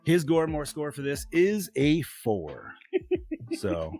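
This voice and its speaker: A man's voice: on the high side, very animated, slow pace, darkish tone, soft background music. A man hosting a casual film review podcast. He swears freely, giggles often and keeps losing his place. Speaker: podcast host.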